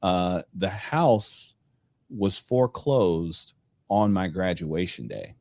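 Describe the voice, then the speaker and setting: A middle-aged man hosting a podcast, telling a personal story in a casual, animated way and acting out the dialogue. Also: low voice, slow pace, no room sound. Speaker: podcast host.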